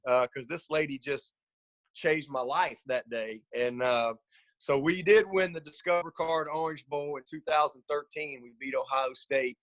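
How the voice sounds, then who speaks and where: A middle-aged man, a football coach guest telling stories in a casual podcast chat, animated and lively. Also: measured pace, dry recording. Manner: animated storyteller, voices his own shouts high and loud.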